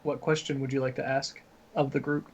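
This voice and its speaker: A man hosting a casual chat among tabletop players, telling stories in a quick, playful way over earbuds. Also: mid-range voice, flat delivery, very noisy.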